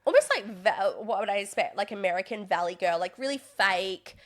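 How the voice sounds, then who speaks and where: A woman's voice: medium pitch, brisk. Chatty young woman. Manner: chatty, animated, mimics others in exaggerated voices. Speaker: podcast guest, reality TV contestant and stand-up comedian. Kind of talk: casual interview chat.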